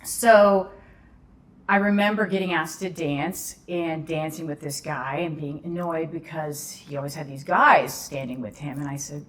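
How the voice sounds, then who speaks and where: A woman's voice: low voice, fairly even intonation, a little slow. A woman, a podcast guest telling a story in casual conversation, acting out the voices in the dialogue.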